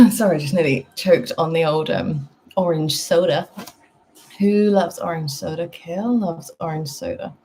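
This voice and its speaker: A woman's voice: lowish voice, moderate pace, dark tone. A woman with a British accent chatting casually on a live stream, answering her chat and laughing at herself. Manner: chatty, self-deprecating, reads chat aloud.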